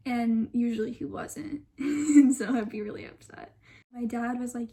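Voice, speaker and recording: A woman's voice: fairly high pitch, steady tone, a little slow, mellow. A young woman telling a personal story in a casual, chatty vlog, full of asides, dropping into whispers for quoted lines. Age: young adult. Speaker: vlogger.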